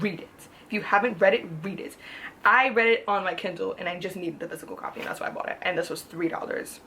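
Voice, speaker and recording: A woman's voice: medium pitch, steady tone, fast talker, pushed and bright. A woman talking casually in a book haul vlog, gushing and chatty, repeating herself for emphasis. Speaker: book vlogger.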